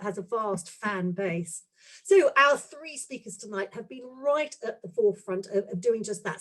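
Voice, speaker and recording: A woman introduces guests on a webinar over a video call. Her voice sits a little high. She talks freely, with ums and small restarts. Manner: friendly, with frequent ums and restarts. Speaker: host, motorsport journalist. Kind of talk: webinar hosting.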